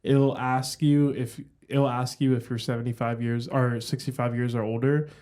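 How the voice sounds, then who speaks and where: A man's voice: medium pitch, little pitch movement, normal speed, darkish tone. A young man co-hosting a podcast, chatting in a playful, teasing, eager way. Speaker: podcast co-host. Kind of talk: casual chat.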